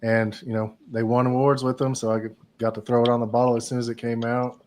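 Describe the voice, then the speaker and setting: Casting note: a man talking fast in a flat, matter-of-fact tone, casual chat. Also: medium pitch, a little hiss or hum. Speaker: rub maker.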